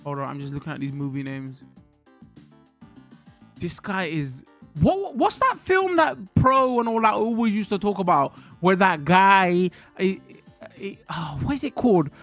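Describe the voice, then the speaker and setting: Brief: male streamer, high voice, sweary animated rant, faint music behind. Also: measured pace. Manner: animated, swearing, ranting to chat. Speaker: livestreamer. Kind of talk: casual livestream chat. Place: hot indoor room with a fan.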